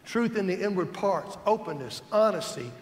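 Male pastor, high-pitched, emphatic sermon delivery in an echoey sanctuary. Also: lively intonation, moderate pace. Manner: emphatic, builds repeated lists. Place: church sanctuary. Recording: echoey church hall.

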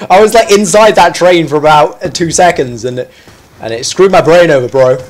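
A man's voice: a little high, normal speed. A man giving live commentary over his own gameplay. He chats in a self-mocking way, then yelps and squeals at sudden moments. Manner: chatty and self-mocking between fights.

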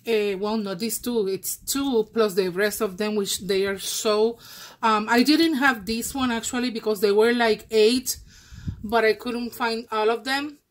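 A woman who is not an English speaker, gushing and exclaiming as she unboxes a gift swap, with many pauses and fillers. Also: a little high, fairly even intonation. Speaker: crafting vlogger.

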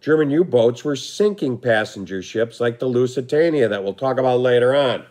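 A man teaching a recorded history lesson, his voice going hoarse, talking in a relaxed way with frequent fillers and throat clearing. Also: mid-range voice, moderate pace.

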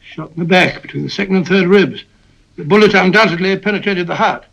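Brief: bluff older doctor sidekick, high gravelly voice, muffled vintage film sound. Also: male voice, a little fast, fairly bright tone, heavily acted. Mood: blustery. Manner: blustering, matter-of-fact. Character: bluff, kindly older male doctor companion. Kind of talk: 1940s film acting. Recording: dull old film soundtrack.

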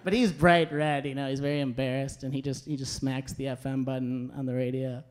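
A young man performing a stand-up comedy set on a club stage, telling stories in a deadpan way with punchy asides. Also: mid-range voice, a little fast. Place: comedy club stage before a live audience. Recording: live show with audience laughter.

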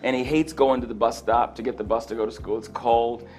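A man teaching a sermon on a parable in a conversational, animated way, acting out the quotes and chuckling between points. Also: medium pitch, a little fast. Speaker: Bible teacher.

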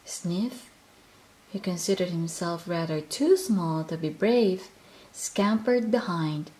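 A woman reading a children's picture book aloud in a gentle, expressive way. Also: lowish voice, slow. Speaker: storyteller.

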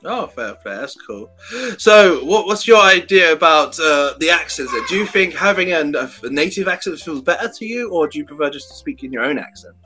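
A man's voice: a little high, brisk, soft background music. A man working as an online English tutor, joking and laughing a lot in a casual video call chat. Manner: jokey, animated, laughs a lot.

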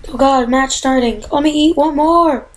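Woman playing a game at home, kinda high voice, gets frustrated and yelpy, bit of background hiss. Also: normal speed, rough recording. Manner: exasperated, excitable, yelps and gasps. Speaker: gamer. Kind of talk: casual gameplay commentary.

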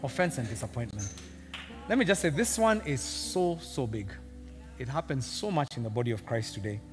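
A man with a Kenyan accent preaching a sermon as senior pastor, animated and humorous, acting out characters and laughing often. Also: medium pitch, moderate pace, over music. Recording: long hall reverb.

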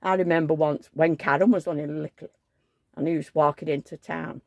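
A woman's voice: sits low, fairly even intonation, fairly quick, creaky, no room sound, studio quality. An older woman, telling rambling, chatty stories on her vlog. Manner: rambling, chatty storytelling with asides. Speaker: vlogger. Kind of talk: casual chat.

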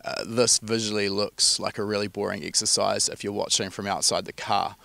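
An upbeat male show host talks about his driving lesson and speaks to viewers at home. His voice sits a little low. The recording is dry, with no room echo. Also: steady tone, a little fast, gravelly, sharp tone. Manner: upbeat presenter, addresses viewers. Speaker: show host and student driver. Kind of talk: presenter chat and outro.

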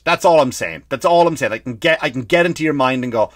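A man's voice: mid-range voice, quick pace, few pauses, dry recording. Irish guy ranting on his comedy podcast, swears a lot, mid voice, dead dry sound. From Ireland. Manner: swears freely, acts out people in loud bursts. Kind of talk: comedic rant.

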